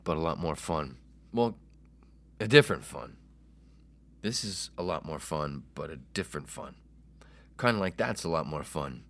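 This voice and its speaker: A man's voice: extremely low pitch, gravelly, slight background noise. Brash self-mocking man in his forties. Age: 40s. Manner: brash, self-mocking, swears freely, swings between shouts and whispers. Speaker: podcast host. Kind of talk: solo comedy podcast monologue.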